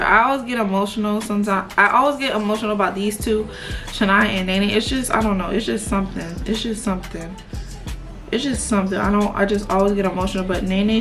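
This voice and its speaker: A woman, chatting casually and rambling with lots of fillers while she does her makeup. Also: medium pitch. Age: 20s. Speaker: beauty vlogger.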